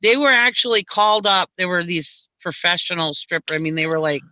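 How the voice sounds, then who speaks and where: Woman host, very bright tone, dry close sound, animated storyteller, blunt. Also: fairly low pitch, fairly quick, dry recording, rough recording. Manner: animated storytelling, acting out dialogue; blunt, swears casually. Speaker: show host. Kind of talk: casual livestream chat.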